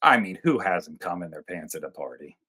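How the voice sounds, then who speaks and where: A man's voice: deep voice, very animated, fairly quick, bright, forceful tone, breathy edge. A man co-hosting a movie review show in casual chat, cracking crude, profane jokes. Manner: crude, joking, profane banter. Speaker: movie review podcast co-host.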